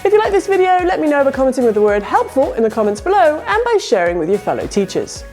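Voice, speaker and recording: A bright, high-voiced woman explains classroom games in a lively, sing-song way. She sounds out letters clearly, like an ESL teacher. Faint music plays behind her. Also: fast talker. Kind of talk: instructional video narration.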